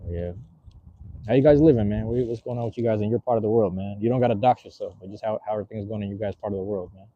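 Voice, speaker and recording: Laid-back man with a husky, dark voice. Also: lowish voice, fast talker, highs cut off. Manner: laid-back, rambling, reads chat aloud with slang. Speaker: livestream host. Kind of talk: casual livestream chat.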